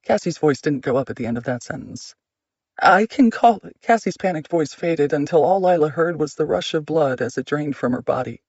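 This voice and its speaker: A man narrating an audiobook in a measured, steady reading. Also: fairly high pitch, no echo, highs cut off.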